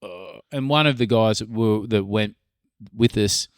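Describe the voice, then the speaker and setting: A man's voice: fairly low pitch, clear, resonant tone, dry recording, clean studio sound. A middle-aged man with an Australian accent, telling stories in casual podcast chat and swearing freely. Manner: storytelling, swears freely, drawn-out pauses. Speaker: podcast co-host.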